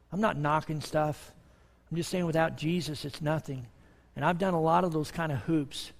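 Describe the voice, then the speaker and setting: A man preaching a sermon as pastor, impassioned and pleading, with dramatic pauses. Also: a little high. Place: church sanctuary. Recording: long church reverb.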